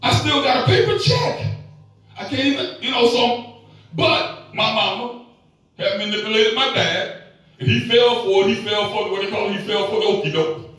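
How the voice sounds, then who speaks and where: A man in his fifties preaching a sermon, telling a personal story in a folksy, emphatic way with sudden shouts. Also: high-pitched, animated, moderate pace, faint music behind. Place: large echoey church hall. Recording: echoey hall, voice from far off.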